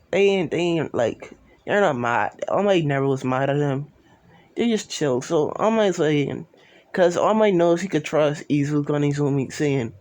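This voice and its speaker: A man's voice: a little high, slow pace, darkish tone. A man improvising a fan-fiction story into his phone, rambling, restarting and correcting himself as he goes. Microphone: phone, sometimes far from it.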